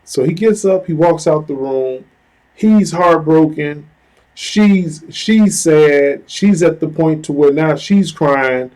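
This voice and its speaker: Man, vlogger, casual storytelling, somewhat high voice, warm mellow tone, chatty fillers. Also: takes it slowly, poor audio. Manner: conversational, heavy use of "you know" and "like" fillers; earnest, retelling a story with lively asides.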